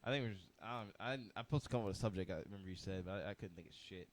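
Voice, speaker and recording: A man's voice: deep voice, racing. A young adult man hosting a podcast, in crude, profane casual chat full of laughter. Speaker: podcast host.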